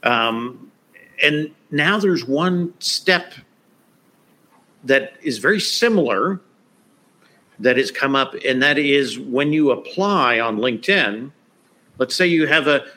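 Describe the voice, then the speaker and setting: A man in a casual live-stream chat who talks in a relaxed way, often laughing and tagging his points with "right?". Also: mid-range voice, slow, pauses often. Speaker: LinkedIn expert co-host.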